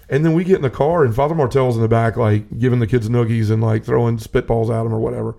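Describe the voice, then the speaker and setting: A man's voice: medium pitch, fairly even intonation, fast, vocal fry, hardly any pauses, warm tone. A man telling a personal faith story in casual conversation, earnest and rambling with many restarts. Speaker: podcast host. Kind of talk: personal testimony in casual talk.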